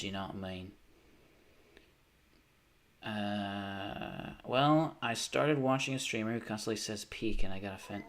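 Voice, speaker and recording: Joking man streaming live. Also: fairly low pitch. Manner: joking, sarcastic banter with chat. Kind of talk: casual live-stream chat while gaming.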